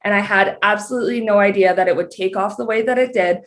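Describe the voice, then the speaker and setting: A woman's voice: medium pitch, fast talker, a bit bright. A young Canadian woman with a Canadian accent, a guest on a casual podcast, talking openly and laughing often. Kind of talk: casual interview chat.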